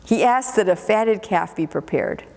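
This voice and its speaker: A woman's voice: medium pitch, lively intonation, a little slow, a little mellow. A woman pastor preaching a sermon in a church, telling the story expressively and repeating words for emphasis. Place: church sanctuary. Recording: long church reverb.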